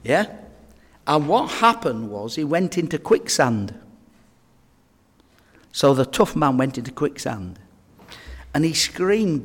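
A man's voice: a little high, sing-song, slow, long pauses, slightly rough. A man preaching a sermon, telling earnest and humorous stories to his congregation. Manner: earnest, humorous anecdotes, addresses folks directly. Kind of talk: sermon with storytelling. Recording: long reverb of a church hall.

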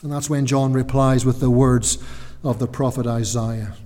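A man preaching a sermon in a church, earnest and emphatic, with deliberate pauses. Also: mid-range voice, steady tone, warm tone, long reverb tail.

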